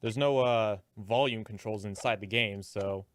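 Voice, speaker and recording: A man co-hosting a let's play with sarcastic, excitable commentary and swearing. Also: lowish voice, measured pace, a little hiss or hum. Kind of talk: casual gameplay commentary.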